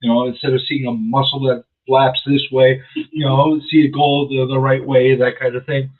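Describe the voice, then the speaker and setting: A man's voice: mid-range voice, moderate pace. A man hosting a radio show in casual chat, rambling and chatty, chewing gum as he talks. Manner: chatty, rambling, animated when riled up. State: chewing gum while talking. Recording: phone-like narrow sound.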